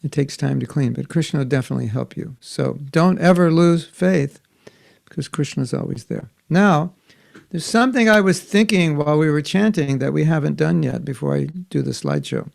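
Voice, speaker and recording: Older guy, gravelly voice, a bit higher pitched, patiently teaching kids over a video call. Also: normal speed. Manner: gentle, patient, asks kids questions. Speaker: spiritual teacher. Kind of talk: online class for children.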